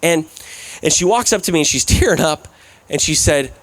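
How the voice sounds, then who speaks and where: A man's voice: fairly high pitch, expressive, moderate pace, dry recording. A man giving a sermon as a guest preacher, telling stories in a loose, conversational way with lots of "like" and "right?". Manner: conversational storytelling, frequent "like" and "right?". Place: events center, church service.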